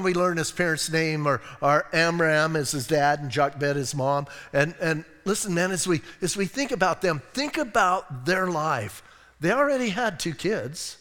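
Animated American pastor in a reverberant hall. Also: male voice, sits high. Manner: animated storytelling with jokes and asides. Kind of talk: sermon. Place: church sanctuary.

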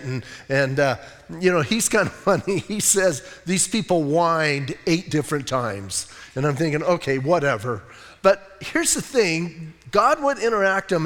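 A man's voice: a little high, fairly bright tone, long reverb tail. A middle-aged man preaching a casual, conversational sermon as pastor, folksy, with many fillers and restarts. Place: church sanctuary.

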